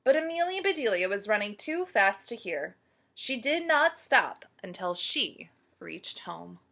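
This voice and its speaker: Woman storyteller, slow, bright, lively pitch, reads picture books to children. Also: gravelly. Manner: slow, animated, asks listeners questions. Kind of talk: reading a picture book aloud to children.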